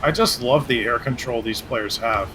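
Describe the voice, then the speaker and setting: A man giving colour commentary on an esports match, calm analysis with dry jokes. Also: mid-range voice, moderate pace, slight background noise. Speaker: esports co-caster.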